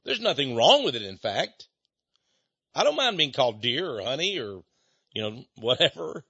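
An older man preaches in a chatty, folksy style, laughing often and acting out little conversations in quoted voices. His mid-range voice is very animated, pushed and bright with a breathy edge, at a normal pace. The lo-fi recording is dull and dry, with no room sound.

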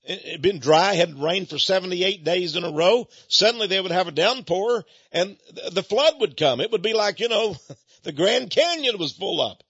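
A man's voice: sits high, animated, moderate pace, fairly bright tone, slightly rough, no room sound, highs cut off. An older American man giving a folksy, indignant monologue, like a radio host selling goods and ranting about money. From United States.

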